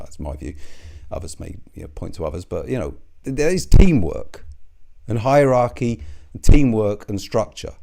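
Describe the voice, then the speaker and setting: Gravelly low-voiced man, sarcastic. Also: mellow. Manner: sarcastic, sweary, chuckles between jabs. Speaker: commentary video host. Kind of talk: rambling monologue.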